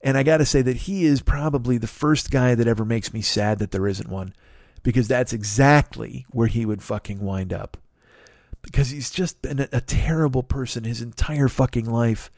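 A man's voice: medium pitch, moderate pace, a little mellow, no echo, clean studio sound. A man hosting a podcast, delivering an exasperated, profane comedic rant and swearing constantly. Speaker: podcast host.

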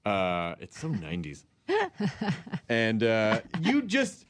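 A man hosting a radio show in casual chat, relaxed and jokey, swearing freely. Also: on the low side, very slow, no room sound. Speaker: radio host.

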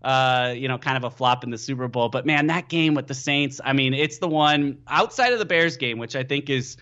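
A man as a guest on a sports podcast, telling stories in an animated, excitable way with lots of fillers. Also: medium pitch, a little fast, lo-fi sound. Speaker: podcast guest, team analyst. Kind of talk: casual sports podcast chat.

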